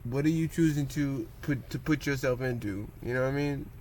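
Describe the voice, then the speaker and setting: A man's voice: medium pitch, brisk, darkish tone, slight background noise. A man talking casually and rambling about meditation and posture, often asking "you know what I'm saying" and acting out what others say. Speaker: vlogger.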